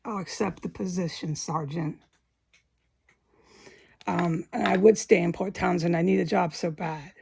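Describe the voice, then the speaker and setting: In a low, husky, creaky voice with a darkish tone, a woman tells her own story of a frightening confrontation at an unhurried pace. Her intonation stays fairly even and she pauses often. The vlogger's account is emotional and repetitive, with swearing and acted-out quotes.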